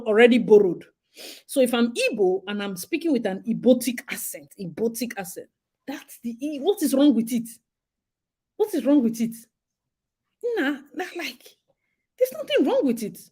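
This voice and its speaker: A young Nigerian woman from Rivers State, speaking with her local accent as she hosts a casual live chat, animated, laughing often and slipping into pidgin. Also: a little high. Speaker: host.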